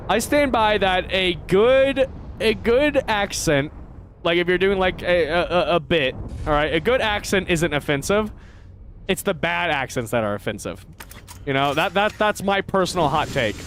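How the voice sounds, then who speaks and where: An American man giving live gameplay commentary as a streamer, chatty with his viewers and quick to swear. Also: fairly high pitch, a bit bright, slight background noise.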